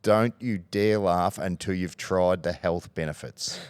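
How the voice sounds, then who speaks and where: A middle-aged Australian man, a former football coach, telling lively anecdotes on a podcast and acting out the voices he quotes. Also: deep voice, unhurried, clean tone, no room sound. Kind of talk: podcast storytelling.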